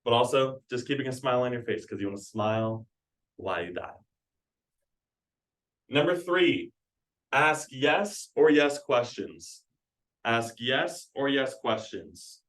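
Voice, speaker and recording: A man's voice: mid-range voice, lively intonation, unhurried, pauses often, a bit bright. A young man training his sales team at a meeting, talking casually and energetically and repeating key phrases, heard from a distance in a room.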